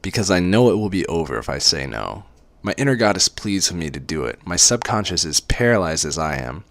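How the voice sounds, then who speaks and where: A man with a very deep voice reads a romance story aloud in first person, with dramatic delivery. His pitch swings widely from line to line. The sound is dry and close. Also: sing-song, brisk, a bit bright, no room sound. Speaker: reader.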